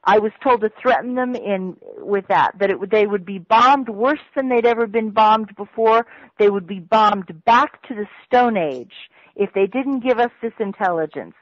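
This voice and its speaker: A woman's voice: medium pitch, normal speed, no room sound. Blunt, emphatic woman on dull radio audio. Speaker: radio show guest. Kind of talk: radio interview. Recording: muffled radio audio, dry.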